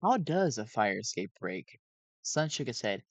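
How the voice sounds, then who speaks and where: A man's voice: medium pitch, very animated, unhurried, no echo. A sleep-deprived man reading a fan story aloud on a cheap home mic, often stumbling and correcting himself. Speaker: fan reader. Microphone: cheap home microphone.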